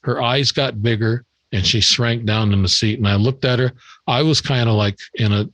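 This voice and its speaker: A man's voice: medium pitch, normal speed, a bit bright, no room sound, low-quality recording. An older man, a podcast guest, telling a long story in a rambling way, repeating words and acting out the dialogue. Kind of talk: storytelling in an interview.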